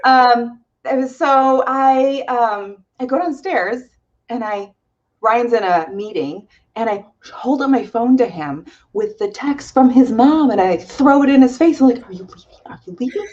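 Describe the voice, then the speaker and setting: A woman's voice: a little high, expressive, measured pace, darkish tone, muffled recording. A young woman co-host telling a dramatic story in casual chat, with gasps and laughs.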